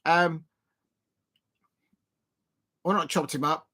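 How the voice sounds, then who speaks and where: A man hosts a casual football watch-along stream from his desk at home, speaking close to the mic. His voice sits a touch higher than most men's. He rambles, restarts sentences and fills gaps with ums while commenting on the match. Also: fairly even intonation, very slow, noisy background. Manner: rambling, self-deprecating, many fillers and restarts.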